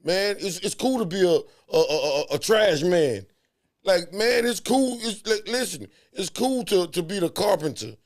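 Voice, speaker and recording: A man's voice: sits high, animated, unhurried. A man in a casual heart-to-heart talk, emphatic and preachy, repeating words to drive points home.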